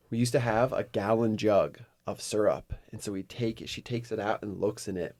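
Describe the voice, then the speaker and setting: A man co-hosting a podcast, telling a long rambling anecdote in casual chat, loud and animated. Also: on the low side, moderate pace, vocal fry, slight background noise. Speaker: podcast co-host.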